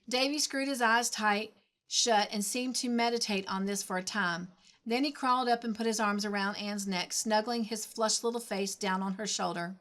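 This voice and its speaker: A woman reads a classic novel aloud, with measured, expressive storytelling. Her voice sits at a middle pitch for a woman. She paces the narration calmly and evenly. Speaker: storybook reader.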